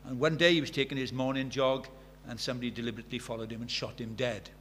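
A man's voice: mid-range voice, fairly even intonation, fast, fairly bright tone, slight background noise. A man in his sixties preaching a sermon in an earnest way, telling stories and building to fervent emphasis. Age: 60s. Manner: earnest, rising to fervent emphasis, storytelling asides.

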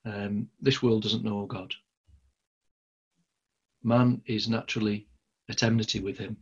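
Husky Lancashire preacher, rambling. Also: male voice, on the low side, level tone, measured pace, dull audio. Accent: Lancashire English. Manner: conversational, rambling with many fillers and restarts. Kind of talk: sermon.

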